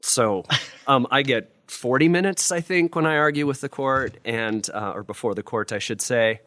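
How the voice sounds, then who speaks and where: A man's voice: mid-range voice, normal speed, a bit bright, dry recording. A man, a criminal defense lawyer, talking casually and with self-deprecating humor on a live panel in front of law students. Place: law school lecture room with student audience.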